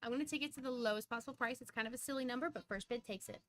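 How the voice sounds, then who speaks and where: Slight background noise sits under this clip of a young woman auctioning coins on a live stream. Her voice is high, and she counts down bids and calls prices in fast patter, with sudden flashes of excitement.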